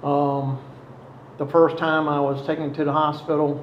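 A man tells his own past in a halting, reflective way, pausing often. His voice sits a little high. The recording is roomy and slightly muffled, with faint ambience behind him. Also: level tone, a little hiss or hum. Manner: halting, reflective, many pauses. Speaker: storyteller recounting past addiction. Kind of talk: personal testimony.

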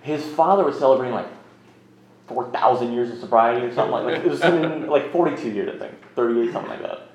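A man's voice: medium pitch, quick pace, a crowd in the background. Frank, rambling man in a roomy space. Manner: rambling, frank, self-mocking. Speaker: speaker sharing a recovery story. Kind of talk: candid personal storytelling. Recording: roomy, slightly muffled recording.

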